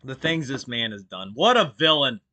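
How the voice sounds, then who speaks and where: A man's voice: mid-range voice, big pitch swings, normal speed, pushed and bright. A man hosting a stream, giving sarcastic, theatrical mock-outraged commentary full of swearing. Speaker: streamer host.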